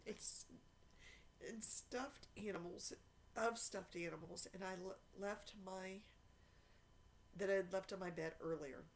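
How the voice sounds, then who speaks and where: Gravelly-voiced woman reading aloud. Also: medium pitch, measured pace, pauses often, slight background noise, poor audio. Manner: emotional, earnest reading. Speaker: reader.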